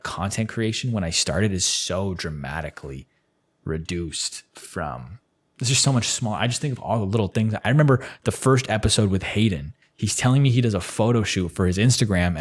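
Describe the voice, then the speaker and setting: A man's voice: lowish voice, brisk. Rambling young man hosting a podcast. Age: 20s. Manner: casual, rambling, lots of "like". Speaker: podcast host. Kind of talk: solo podcast monologue.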